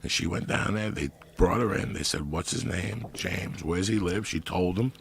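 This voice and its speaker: A middle-aged man telling profane comic stories in a loud, animated way. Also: low voice, normal speed, gravelly, a little hiss or hum. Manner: loud animated storytelling with heavy swearing. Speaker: podcast guest storyteller. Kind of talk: profane comedic storytelling.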